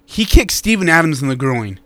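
A male sports radio co-host talks in a blunt, animated way and reads listener texts aloud. His voice sits a little high for a man. It is recorded dry and close on a studio mic. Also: brisk, dry recording. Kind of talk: casual sports talk radio banter.

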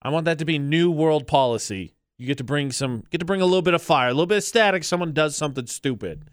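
A man's voice: fairly high pitch, quick pace, dry recording, studio quality. A man co-hosting a radio show, joking and sarcastic in casual banter. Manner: joking, sarcastic, playfully declarative. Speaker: radio co-host. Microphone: studio microphone.

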